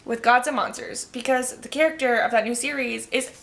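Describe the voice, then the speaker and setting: A young woman in her twenties talks through her reading list in a loose, gossipy way, peppering every sentence with fillers. Her voice sits a little high and sounds bright and sharp, with a gravelly fry at the ends of phrases. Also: steady tone, a little fast. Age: 20s. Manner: chatty, gossipy, full of "like". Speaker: book vlogger. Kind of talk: casual book chat to camera.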